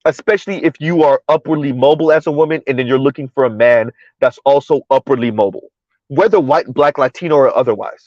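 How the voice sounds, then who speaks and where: Talking quickly, a livestream host covers social topics in a relaxed way, reading viewers' chat aloud and repeating words along the way. His voice is medium-pitched and somewhat dark, recorded dry in dull, lo-fi sound.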